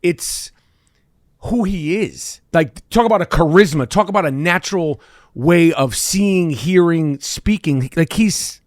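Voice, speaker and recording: A man in his fifties talks as a podcast guest in an excitable, rambling way, swearing freely. His voice sits slightly high for a man. The studio sound is dry and close. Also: unhurried, dry recording. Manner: excitable, profane, rambling with restarts. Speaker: guest actor. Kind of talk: casual chat.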